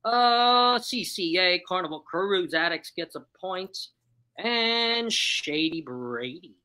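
Lively, bright-voiced woman hosting a stream. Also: on the low side, slow, rough recording. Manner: chatty, upbeat, laughs often while reading chat replies. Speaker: livestream host running a trivia game. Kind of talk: casual live-stream chat.

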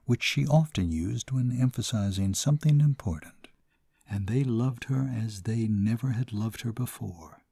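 A man narrating a classic short story in a measured, somber way. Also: medium pitch, gravelly, dark tone, husky, no room sound, clean studio sound. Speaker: audiobook narrator.

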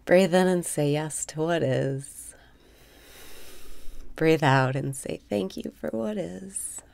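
Woman meditation guide: low gravelly voice, unhurried, breathy cues with candid profane asides. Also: no room sound. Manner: slow, breathy guidance mixing calm cues with frank, profane venting. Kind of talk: guided meditation with spoken affirmations.

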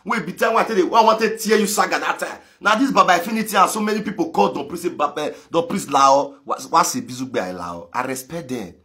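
A man with a Nigerian Pidgin accent ranting on a live video, mocking, laughing and breaking into shouts. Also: on the high side, animated, fast talker, few pauses. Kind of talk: animated rant in pidgin.

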